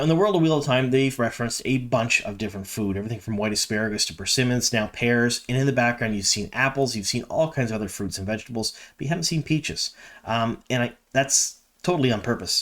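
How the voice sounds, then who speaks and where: A man's voice: mid-range voice, quick pace, a bit bright. A man from Canada hosting a fan video, talking casually and enthusiastically with frequent ums and asides. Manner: chatty and enthusiastic, many ums.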